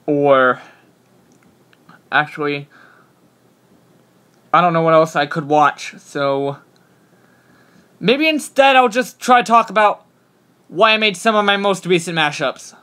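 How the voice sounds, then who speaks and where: A man's voice: on the high side, animated, slow pace, pauses often, sharp tone. A man streaming live, talking casually in a hesitant, apologetic, rambling way.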